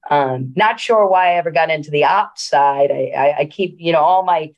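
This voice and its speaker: A woman's voice: low-pitched, normal speed, muffled recording. A middle-aged woman, a senior living executive, telling a story in a casual interview with many fillers and restarts.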